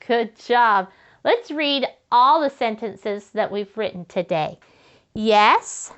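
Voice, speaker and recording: A woman teaching young children to write sentences, sounding out letters slowly and praising them. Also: medium pitch, lively intonation, fairly bright tone, highs cut off. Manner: slow and encouraging, sounding out letters. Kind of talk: early-grade writing lesson to children.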